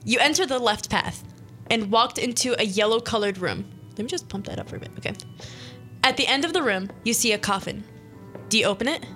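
Bright-voiced young woman hosting a radio show. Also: a little high, expressive, soft background music. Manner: playful, quick, self-interrupting. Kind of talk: casual chat, reading an interactive story aloud. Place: small studio.

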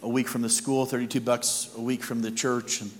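A man's voice: mid-range voice, level tone, a little fast, slight background noise. A man preaching as a guest speaker, telling humorous personal stories in a conversational way in church. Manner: humorous, anecdotal, conversational delivery. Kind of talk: storytelling sermon. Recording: long hall reverb with music behind.

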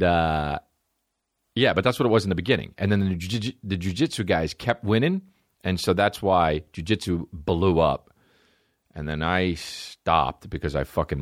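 A man's voice: deep voice, no echo, studio quality. A man hosting a comedy podcast, riffing in a rambling, profane monologue. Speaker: podcast host. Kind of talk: stand-up style comedy monologue.

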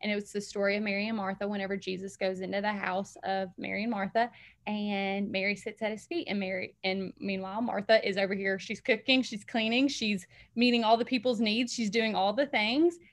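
A woman's voice: medium pitch, steady tone, fairly quick. A woman, a guest on an interview show, telling a heartfelt faith testimony in an earnest, emotional way, full of "like" and "um". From Alabama, US. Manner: earnest, emotional storytelling with frequent "like" and "um".

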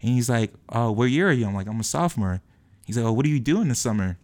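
A young man animatedly telling a personal story, acting out the quoted lines of the people in it. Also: mid-range voice. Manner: acts out quoted dialogue, quick and lively. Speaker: guest telling his story.

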